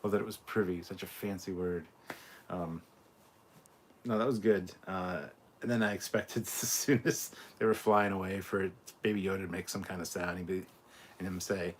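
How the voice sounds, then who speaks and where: A man's voice: low voice, steady tone, normal speed, a little hiss or hum. A Scottish man hosting a casual live reaction stream, reading out viewer comments in a laid-back, chatty way and swearing freely. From Scotland.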